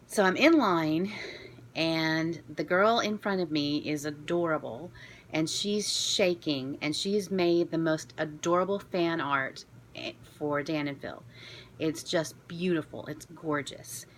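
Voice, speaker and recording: A woman from Florida telling a story to camera in a chatty, self-deprecating, excitable way. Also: low voice, slow, slight background noise. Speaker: vlogger.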